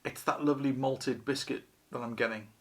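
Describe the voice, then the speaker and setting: A man's voice: mid-range voice, fairly even intonation, a little fast. A man hosting a casual beer review vlog, chatty and wry, poking fun at himself. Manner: chatty, wry, self-deprecating.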